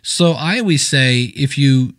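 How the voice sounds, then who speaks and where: Dry-voiced man telling lively stories. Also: mid-range voice, unhurried, dry recording. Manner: storytelling, acting out quoted people in anecdotes. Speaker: podcasting coach and guest. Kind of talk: casual interview chat.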